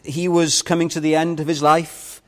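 An older man preaching a sermon with impassioned swings, rising loud on key points and dropping to a hush. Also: a little high, level tone, normal speed.

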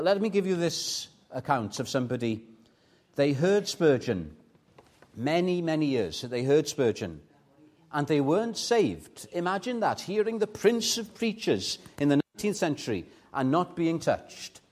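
A man preaches from the pulpit in a fervent sermon style. His voice sits a little higher than most men's, and he moves from soft, hushed asides to loud, emphatic peaks. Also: sing-song, measured pace. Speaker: pastor. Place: church.

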